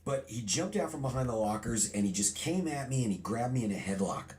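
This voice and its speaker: A middle-aged man being interviewed, telling a childhood story in a lively storytelling way and acting out remembered lines. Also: mid-range voice, fairly quick. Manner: animated storyteller, acts out quotes. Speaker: guest.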